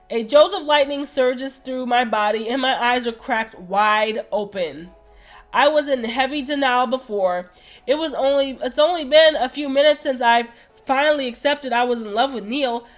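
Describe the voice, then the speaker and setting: Excitable lady reading a romance game out loud, gushes a lot, bit high-pitched. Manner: gushing, excitable. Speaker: let's play host. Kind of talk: reading a visual novel aloud with commentary.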